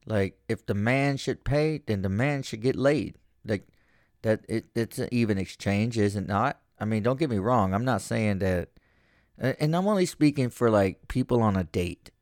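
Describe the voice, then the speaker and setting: A man's voice: lowish voice, normal speed, darkish tone, no echo, studio quality. A man hosting a podcast in casual chat, rambling and swearing freely. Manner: profane, rambling. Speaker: podcast host.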